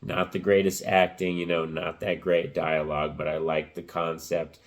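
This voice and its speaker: A man giving a casual spoken movie review, rambling with lots of fillers, his voice cracking and rough. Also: low voice, level tone, normal speed.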